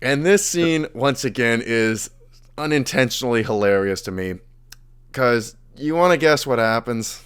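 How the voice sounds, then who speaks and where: A man's voice: medium pitch, expressive, unhurried, a bit bright, clean tone. A young man casually retelling fantasy lore as a podcast host, acting out the characters' lines as he goes.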